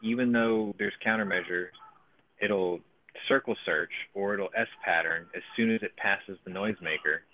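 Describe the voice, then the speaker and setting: A man's voice: lowish voice, moderate pace, phone-quality sound, a little hiss or hum. A man giving casual, profane live commentary on his own gameplay, thinking aloud as he plays. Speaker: gaming streamer.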